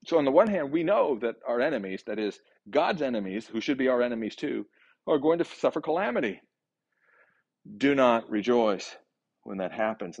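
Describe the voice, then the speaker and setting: A man's voice: medium pitch, husky, dry recording, muffled recording. A man giving a daily devotional Bible commentary in a conversational way, thinking aloud with fillers and restarts.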